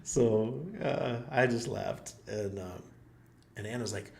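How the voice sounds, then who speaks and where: On his own channel, a man rambles casually through a funny story, laughing often and mocking himself. He speaks slowly in a low, creaky, slightly mellow voice, and the room echoes noticeably.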